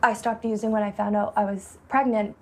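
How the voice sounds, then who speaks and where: A young woman talks openly in a documentary interview, her words studded with "like". Her voice is full of creaky fry and sits at a middle pitch. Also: little pitch movement, fairly quick. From Massachusetts, USA. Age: 20s. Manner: candid, heavy use of "like". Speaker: interviewee in recovery.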